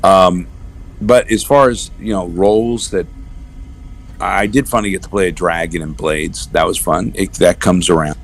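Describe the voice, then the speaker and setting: A middle-aged man, a voice actor, chatting as a guest in an interview and telling stories with animated asides. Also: low voice. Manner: animated storyteller, slips into quick character voices. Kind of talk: casual interview chat.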